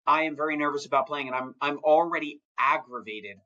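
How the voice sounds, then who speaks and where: A man's voice: a little high, a little fast, lo-fi sound, a little hiss or hum. A man co-hosting a casual sports podcast, rambling into tangents and acting out imagined quotes. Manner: animated, acts out imagined quotes. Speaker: podcast co-host.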